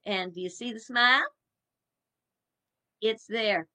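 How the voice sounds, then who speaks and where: Slow, bright-voiced woman in her seventies. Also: medium pitch. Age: 70s. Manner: folksy, musing, with chuckles. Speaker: minister. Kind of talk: reflective evening talk.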